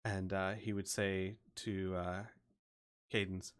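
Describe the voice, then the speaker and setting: A man with a somewhat low voice narrates a tabletop role-playing session as game master. His delivery is relaxed and loose, with plenty of filler words between descriptions. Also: takes it slowly, clear, resonant tone.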